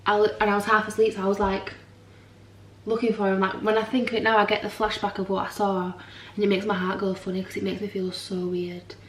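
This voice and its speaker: Tired young mum rambling, roomy sound. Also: female voice, medium pitch, flat delivery, quick pace, recorded from a distance, a little hiss or hum. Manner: rambling, frank, swears. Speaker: vlogger. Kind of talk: casual chat to camera. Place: home.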